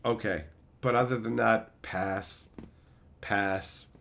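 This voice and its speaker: A man's voice: fairly low pitch, steady tone, takes it slowly, vocal fry, a bit bright. A man streaming a casual chat, talkative and swearing often. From Newfoundland, Canada. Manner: chatty, swears a lot.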